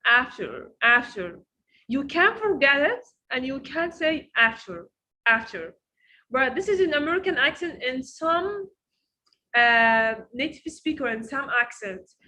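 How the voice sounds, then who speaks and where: A woman teaching English pronunciation online, with an Egyptian Arabic accent, drilling words slowly by repeating them and correcting students. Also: high-pitched, animated, bright, forceful tone, rough recording. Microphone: video call.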